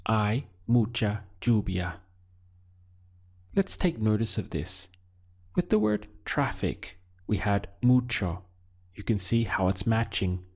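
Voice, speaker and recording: A man teaching a Spanish lesson, speaking deliberately and pausing so the learner can answer. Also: fairly low pitch, sing-song, creaky, a little mellow. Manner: slow, deliberate teaching with pauses for learner practice. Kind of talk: video language lesson.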